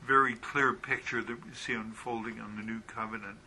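A man teaching a Bible study verse by verse, reading passages aloud, often pausing with ums and asking rhetorical questions. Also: on the low side, steady tone, bright, forceful tone, breathy edge, low-quality recording. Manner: halting with frequent ums, asks rhetorical questions.

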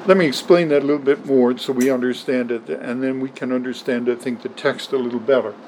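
A man's voice: mid-range voice, fairly even intonation, fast, a little mellow, slight background noise, poor audio. A man preaching a sermon in an emphatic way, often repeating words for stress. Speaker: pastor.

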